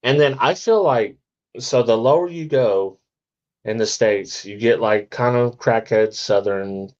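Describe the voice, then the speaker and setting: A man's voice: mid-range voice, measured pace, darkish tone. Hesitant man on a dull-sounding recording. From Arkansas. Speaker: podcast co-host. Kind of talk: casual chat.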